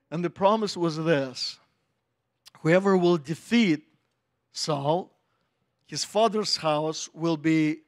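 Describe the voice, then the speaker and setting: A middle-aged man preaches, his voice pitched fairly high for a man. He takes his time, speaking slowly and deliberately, and brings the story to life by acting out the voices of its people. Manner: animated storytelling, acting out voices of biblical figures. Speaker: pastor. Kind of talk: sermon.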